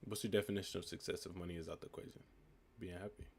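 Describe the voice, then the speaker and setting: Young male streamer, 19, low and gravelly, relaxed chat reading comments. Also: rapid-fire, slight background noise. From United States. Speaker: livestream host. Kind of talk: casual live-stream chat answering comments.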